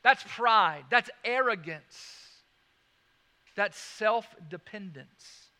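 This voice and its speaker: Bright, high-voiced preacher man. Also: expressive, long reverb tail. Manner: dramatic swings from loud emphasis to hushed, slow delivery; repeats key phrases for emphasis. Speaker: pastor. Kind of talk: sermon.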